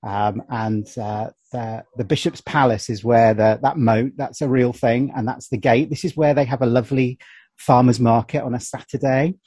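A man's voice: medium pitch, normal speed, husky, no room sound. A man guesting on a podcast, talking easily and informatively through a film commentary. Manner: relaxed, informative, chuckling asides. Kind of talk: casual film commentary chat.

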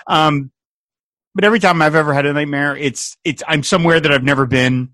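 Guy with a bright tense voice chatting thru a tv recap, dry mic, does little quote voices. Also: a little high, fairly quick, no echo. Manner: animated retelling, quotes characters in playful voices. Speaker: podcast co-host. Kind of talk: casual TV episode recap chat.

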